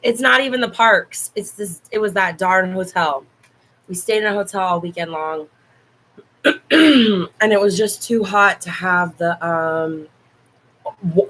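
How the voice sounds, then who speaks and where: A hoarse young woman hosting a casual livestream, chatting warmly and fondly with her viewers. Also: fairly low pitch, poor audio. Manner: chatty, affectionate toward viewers. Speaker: livestream host.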